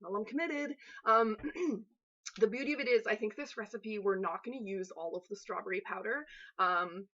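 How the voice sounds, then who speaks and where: Husky-voiced woman chatting on a baking stream. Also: mid-range voice, moderate pace, bright, forceful tone, dull audio. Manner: rambling, chatty, jokey asides to viewers. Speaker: host of a live cooking stream. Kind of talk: casual live-stream baking chat. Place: home kitchen in Canada.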